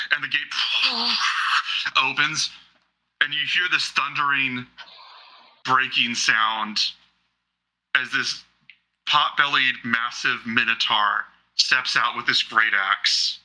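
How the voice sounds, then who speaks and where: A man's voice: medium pitch, slow, pauses often, pushed and bright, poor audio. A man narrating a tabletop game as game master in a casual, rambling way.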